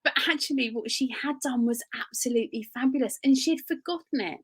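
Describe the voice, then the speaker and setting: Earnest woman coach with a fairly high voice. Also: brisk, slightly rough. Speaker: podcast co-host and coach. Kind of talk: casual business podcast chat.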